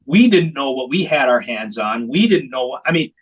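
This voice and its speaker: A man's voice: medium pitch, expressive, normal speed, slightly rough, highs cut off. A man who founded a veterans hockey program, telling its story in an interview with candid, emphatic repetition. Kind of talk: long-form interview storytelling.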